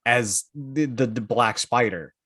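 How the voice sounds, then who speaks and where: Guy on a podcast, mid-pitch, rambly and jokey, dry mic. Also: slow, pushed and bright, no echo. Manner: rambling, teasing. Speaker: podcast co-host. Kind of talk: casual podcast chat.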